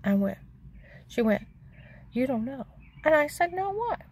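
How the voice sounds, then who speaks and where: An older woman telling a rambling, aggrieved personal story, repeating herself and acting out what others said, her voice gravelly. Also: fairly high pitch, lively intonation, a little slow, darkish tone, a little hiss or hum. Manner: chatty, aggrieved, repeats herself, acts out quotes.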